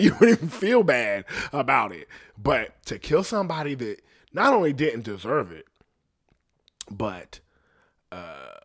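A man hosting a podcast in a casual, profane rant, rambling and trailing off quietly, often laughing at himself. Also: mid-range voice, husky. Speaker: podcast host.

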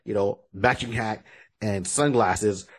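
A man co-hosting a podcast, telling stories in an animated, joking way with frequent restarts. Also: fairly low pitch, slow pace, slightly rough. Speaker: podcast co-host. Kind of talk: casual podcast chat.

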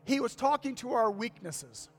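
Older man, pastor, very high voice, folksy sermon, repeats lines, long church-hall reverb, faint music behind. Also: expressive, normal speed, fairly bright tone. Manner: folksy, repeats key phrases, asks the congregation for amens.

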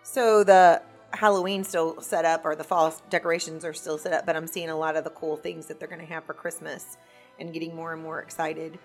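A woman co-hosting a podcast in a studio, chatting excitably and sometimes losing her words mid-sentence. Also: sits low, fairly quick, soft background music. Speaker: podcast co-host. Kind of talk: casual podcast chat. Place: recording studio.

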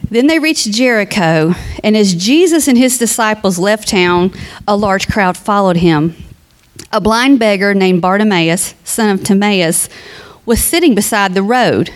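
Her pace unhurried and her pitch medium, a woman offers a heartfelt eulogy at a funeral in a conversational way. Scripture read aloud carries it into a sermon, and she finally speaks to the family themselves.

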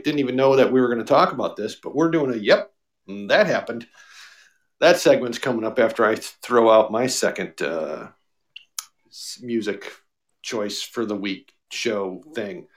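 A man co-hosting a casual podcast, joking and rambling with his co-host. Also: medium pitch. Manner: joking, rambling, mock radio-DJ bits. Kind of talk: casual chat.

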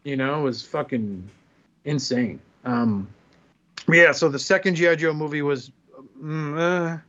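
A man's voice: fairly high pitch, measured pace, a bit bright, dull audio. A man co-hosting a podcast in casual chat, telling rambling profane stories and acting out quotes. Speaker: podcast co-host.

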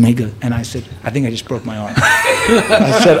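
A man's voice: medium pitch, big pitch swings, normal speed, over a noisy crowd. A man in his thirties telling a story in casual chat, chatty, often laughing and restarting his sentences. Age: 30s.

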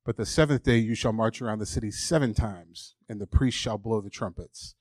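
A man's voice: fairly low pitch, brisk, darkish tone, dry recording, studio quality. A man preaching a sermon, emphatic and candid, reading scripture aloud and acting out the doubting voices people hear. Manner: emphatic, candid, acts out mocking inner voices.

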